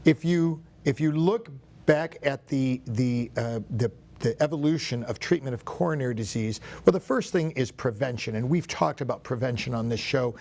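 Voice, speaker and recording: A male cardiologist explains in a measured, teacherly way in a TV studio. His voice has a gravelly edge, and he sits at a mid pitch. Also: darkish tone. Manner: measured explaining, some restarts. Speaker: cardiologist guest.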